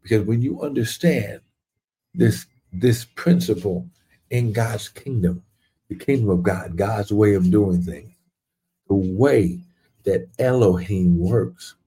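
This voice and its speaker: A male preacher delivers a sermon in a slow, unhurried cadence. His voice is husky and mellow, and his pitch sits a little low. He is fervent, repeats key lines and calls out to his listeners.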